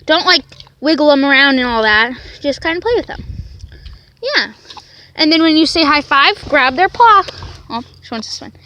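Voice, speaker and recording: A woman's voice: high-pitched, expressive, normal speed, long pauses, bright, forceful tone, muffled recording. A woman demonstrating dog tricks on her channel, explaining each step and coaxing her dog with repeated commands. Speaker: dog trainer vlogger. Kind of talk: casual training demonstration.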